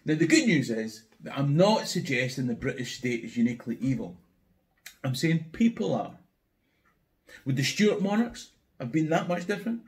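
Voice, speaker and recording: Scottish man, history guide, sardonic delivery, pitch swinging widely, a touch high. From Scotland. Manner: wry, sardonic, building to mock outrage. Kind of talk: scripted history commentary to camera.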